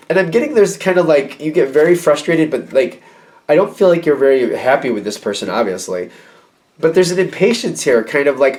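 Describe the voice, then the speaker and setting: A man giving a casual tarot reading, animated and repeating phrases as he acts out quoted reactions. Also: medium pitch, a little fast. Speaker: tarot reader.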